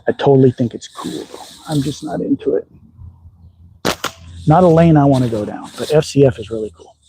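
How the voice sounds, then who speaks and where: A middle-aged Texan who hosts a slingshot channel chats casually and folksily on a livestream from his backyard shooting range. His warm, mid-range voice carries a slight Southern accent with a touch of upper Midwest, and he rambles with frequent ums. The low-quality recording has a little hiss or hum.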